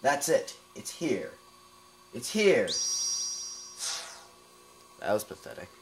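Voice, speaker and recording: Young male let's play host, chatty and sarcastic, lively pitch. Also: takes it slowly, background noise. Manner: chatty, sarcastic asides, bursts of excitement. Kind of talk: casual gameplay commentary. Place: room with camera filming the screen.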